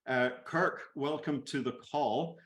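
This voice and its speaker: A man's voice: medium pitch, slow, fairly bright tone, roomy sound. A man hosting a call interview, encouraging and affirming his guests. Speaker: host.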